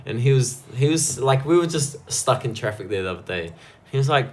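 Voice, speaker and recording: A man's voice: medium pitch, fast talker. A man, chatting casually as a podcast guest, swearing a lot and trailing off mid-sentence. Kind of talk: casual chat.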